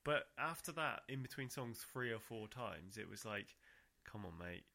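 A young man from co-hosting a podcast, chatty and quick with asides, laughing often. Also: mid-range voice, expressive, gravelly, bright, forceful tone. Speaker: podcast co-host. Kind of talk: casual chat.

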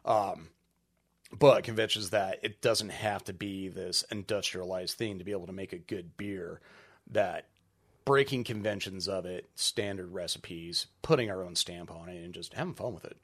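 A man who owns a brewery, talking casually as a podcast guest, relaxed and rambling with lots of filler ums. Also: sits low, moderate pace. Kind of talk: casual interview chat.

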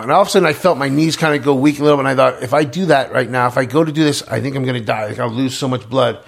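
A man's voice: mid-range voice, fast. A middle-aged man telling his story in a casual interview, stumbling over repeated words and restarts. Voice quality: gravelly, husky, many repeated words and restarts.

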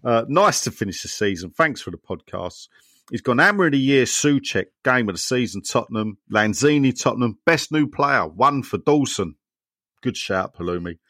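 Lively podcast host, dry sound. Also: male voice, medium pitch, moderate pace, no room sound. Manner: jokey banter with co-hosts, animated. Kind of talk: casual chat, reading listener messages.

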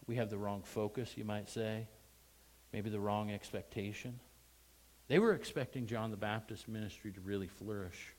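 A man preaching a Sunday sermon in a conversational way, asking the congregation questions and rising to loud bursts of emphasis. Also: on the low side, low-quality recording. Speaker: pastor.

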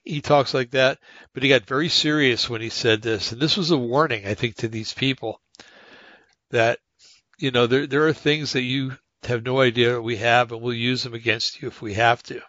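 A man's voice: mid-range voice, a bit bright, no echo, dull audio. A man hosting a podcast, talking in a rambling casual monologue full of fillers and restarts as he reads articles aloud. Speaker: podcast host.

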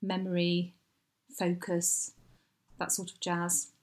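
A woman, chatting casually as a podcast co-host and telling lively stories about family life. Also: on the low side, takes it slowly. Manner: chatty, animated storytelling with quoted voices. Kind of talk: casual chat.

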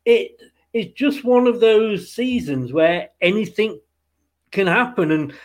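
Host: man, high voice, chatty and upbeat, laughs easily, casual football podcast banter. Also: animated, takes it slowly.

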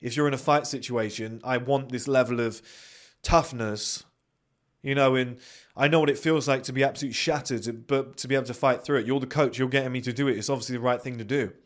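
A British-accented man delivers a blunt, profanity-laced motivational talk as a podcast host. He swears freely and slips into quick put-on voices when quoting people. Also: mid-range voice, fairly even intonation. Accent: British English. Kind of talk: motivational monologue.

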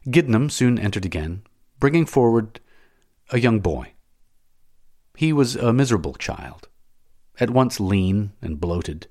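Low-voiced guy narrating an old novel, steady and dramatic. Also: no echo, studio quality. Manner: measured, dramatic reading. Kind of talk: audiobook reading of a classic novel.

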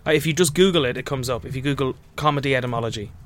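A man's voice: medium pitch, racing, a bit bright. A man co-hosting a comedy podcast, chatting casually, often stumbling over and restarting his words. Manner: stammering, restarts words, laughs at own bits. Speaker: podcast co-host. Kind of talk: improvised comedy podcast banter.

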